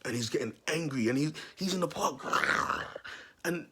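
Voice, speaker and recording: This vlogger, who casts himself as a prophet, tells his viewers a long, wandering story in street slang, his husky, somewhat high voice animated and quick. He keeps repeating himself and calling out to the people watching.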